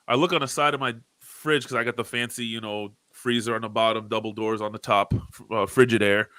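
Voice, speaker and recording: A man co-hosting a casual podcast, telling animated stories and swearing freely. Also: medium pitch, fairly quick, no echo. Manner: animated storyteller, swears freely, acts out arguments loudly. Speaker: podcast co-host. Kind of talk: casual chat.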